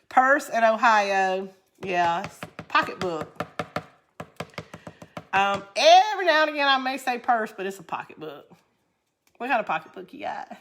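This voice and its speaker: A woman's voice: medium pitch, a bit bright. A woman with a Southern US accent hosting a crafting livestream, chatting casually with viewers, reading their comments aloud and laughing often.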